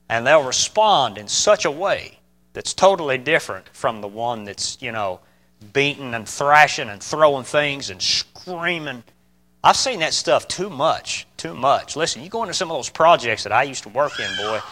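A man preaching a sermon, asking his listeners questions and swinging between loud emphatic bursts and quiet, calm lines. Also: medium pitch. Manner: asks the listeners rhetorical questions.

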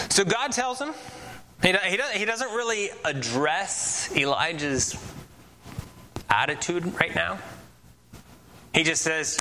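A man's voice: high-pitched, animated, slow pace, pauses often, sharp tone, slight background noise, rough recording. A man preaching a sermon, reading scripture aloud and retelling it in casual, conversational paraphrase.

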